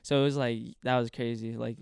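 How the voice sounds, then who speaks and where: A man's voice: mid-range voice, little pitch movement, a little fast, creaky, darkish tone, smooth, no room sound, clean studio sound. A young man telling a story in casual talk, rambling with lots of fillers and swearing. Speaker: podcast guest.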